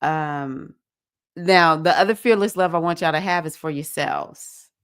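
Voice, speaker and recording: Animated woman leading a spiritual circle. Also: sits low, measured pace, smooth. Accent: Southern US. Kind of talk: livestream talk to a women's group.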